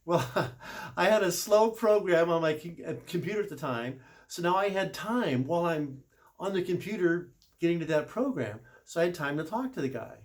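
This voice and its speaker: Chatty middle-aged man, slightly high voice. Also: expressive, normal speed. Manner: chatty, self-correcting, with small laughs. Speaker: service manager. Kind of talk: casual storytelling talk.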